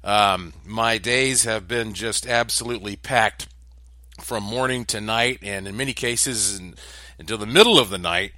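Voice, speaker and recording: A man's voice: on the low side, measured pace, sharp tone, no echo. A man hosting his own daily video update, talking in a chatty, rambling way with many fillers and restarts. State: voice strained from overuse. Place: home condo in a high building.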